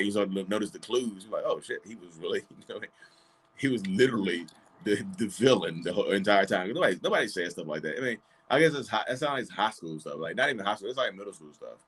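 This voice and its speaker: A man hosting a casual live-stream chat, animated, laughing often and acting out little quoted voices. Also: on the low side, breathy edge. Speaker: host.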